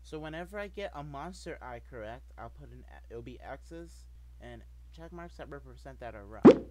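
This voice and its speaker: Lively, high-voiced man talking over a game. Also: moderate pace. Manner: rambling, jumpy and apologetic. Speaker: gameplay video maker. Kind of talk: gameplay commentary.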